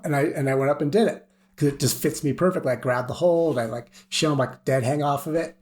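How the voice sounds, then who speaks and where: A man's voice: on the high side, fast talker, few pauses, a little mellow. Rambling middle-aged man telling stories. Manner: rambling, laughs often, heavy on "you know" and "like". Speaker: guest, veteran rock climber. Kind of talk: casual storytelling.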